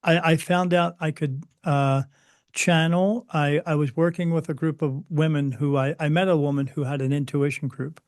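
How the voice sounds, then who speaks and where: A man recounting personal experiences as an interview guest, earnest and halting, often repeating words as he goes. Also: fairly high pitch, fairly even intonation, no echo, studio quality. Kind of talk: personal storytelling.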